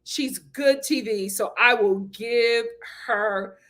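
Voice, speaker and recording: A woman's voice: fairly high pitch, slow. A woman hosting a casual reality TV commentary vlog, talking emphatically and animatedly. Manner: emphatic, animated, acts out quotes. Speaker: host.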